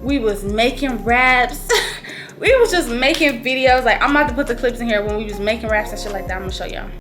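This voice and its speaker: A woman's voice: on the high side, lively intonation, brisk, a bit bright, soft background music. A woman vlogger telling a personal story in casual storytime style, full of profanity and slang, acting out quoted lines in a raised voice.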